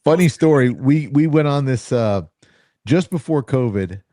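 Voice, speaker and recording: A man's voice: mid-range voice, a little slow, no room sound, studio quality. A middle-aged man hosting a podcast, telling stories in casual chat and acting out the quoted lines. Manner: animated, acts out quoted dialogue. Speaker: podcast host.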